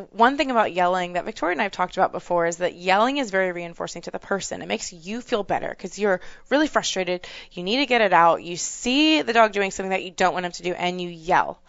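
Female co-host and trainer, smooth resonant voice, dull recording, steady explainer. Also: medium pitch, no room sound. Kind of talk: advice podcast chat.

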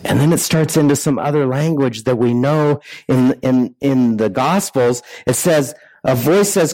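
A man's voice: mid-range voice, moderate pace, few pauses, darkish tone, no room sound, low-quality recording. A man preaching a sermon in a conversational way, full of rhetorical questions and restarts. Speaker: pastor.

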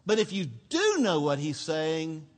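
A male pastor preaching a sermon, telling the story expressively, dropping to a hush and then rising to emphasis. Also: fairly high pitch, a little slow. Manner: expressive storytelling, swinging between hushed and emphatic. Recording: long hall reverb.

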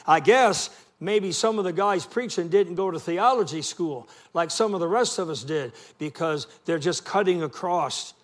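A middle-aged man preaching a sermon as a guest preacher, telling folksy stories and calling for responses from the congregation. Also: a little high. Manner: folksy storytelling with call and response.

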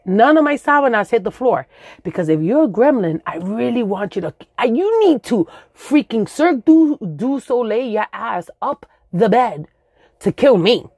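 A woman's voice: on the high side, very animated, moderate pace, darkish tone, no room sound, studio quality. A woman in her forties from the Dominican Republic, telling a comic story with swearing, sound effects and Spanish words mixed in.

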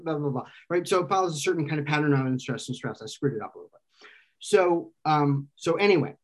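A man explaining an idea in casual conversation, thinking aloud and often restarting and correcting himself. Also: fairly high pitch. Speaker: guest expert explaining philosophy.

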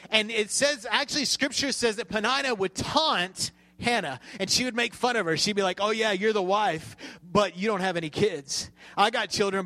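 A man with a high voice preaches a sermon, retelling a scripture story in a chatty, conversational way. He often stops to check that his listeners are with him. The recording is dry and close, with no room sound. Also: a bit bright, no room sound. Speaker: pastor.

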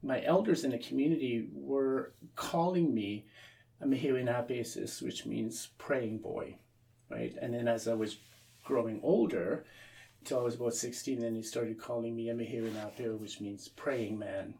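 Gravelly-voiced priest telling a story. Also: male voice, mid-range voice, normal speed, dark tone, far from the mic. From Canada. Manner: repeats words and restarts often, acts out quoted voices. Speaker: Anglican priest, interview guest. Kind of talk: storytelling in a conversational interview.

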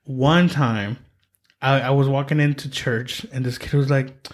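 A man's voice: mid-range voice, steady tone, a little slow. A young man hosting a podcast, talking candidly in casual chat and rambling with many fillers. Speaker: podcast host.

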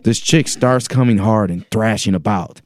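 A man in his forties, a podcast host reading a listener's letter aloud in casual chat with a deadpan, joking delivery. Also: fairly low pitch, normal speed. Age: 40s.

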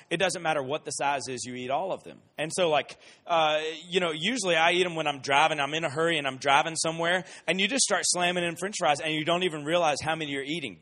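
This man's voice runs fairly high as he teaches the Bible in an easygoing sermon. He alternates animated examples from daily life with deliberate, emphatic repetition of his points.

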